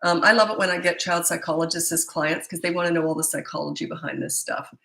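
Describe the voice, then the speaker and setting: A woman's voice: on the low side, fairly even intonation, quick pace, vocal fry, sharp tone, roomy sound, poor audio. A woman in her fifties, a parenting coach, answering viewer questions in a chatty, blunt way, with stammered restarts. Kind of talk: live Q&A answering viewer comments.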